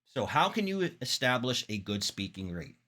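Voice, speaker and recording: A man teaching public speaking in an instructional talk, demonstrating vocal techniques with expressive examples. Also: medium pitch, moderate pace. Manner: demonstrates voices, animated and expressive.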